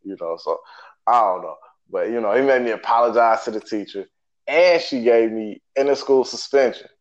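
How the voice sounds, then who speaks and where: A man's voice: medium pitch, normal speed. A young man telling a story about his school days in casual chat, easygoing and self-mocking with frequent laughs. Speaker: co-host. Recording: dull lo-fi sound.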